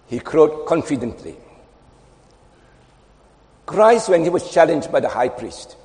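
A man preaching in a voice pitched a little high for a man, dropping to near murmurs and then rising sharply for emphasis. His lines carry a long reverb from a large hall. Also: big pitch swings, normal speed. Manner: dramatic swings between soft and loud, quoting scripture. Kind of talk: sermon.

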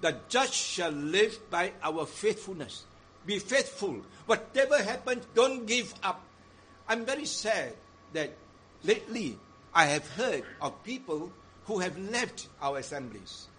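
A man preaching a sermon in a deliberate, emphatic way, stressing repeated phrases. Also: sits high, very animated, sharp tone, slight background noise.

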